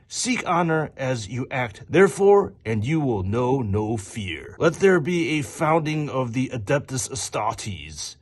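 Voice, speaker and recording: A man's voice: medium pitch, very animated, unhurried, few pauses, breathy edge. A man doing a grandiose, declamatory narrator voice to recite a warrior creed. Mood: solemn.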